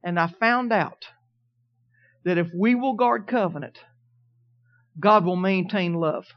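A man preaching a sermon, telling a personal story in a folksy way, swinging from quiet asides to emphatic declarations. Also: high voice, slow, highs cut off. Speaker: pastor.

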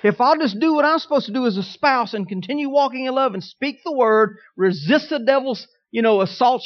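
A man preaching a sermon, telling a personal story in a folksy way, swinging from quiet asides to emphatic declarations. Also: very high voice, animated, brisk, hardly any pauses, highs cut off. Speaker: pastor.

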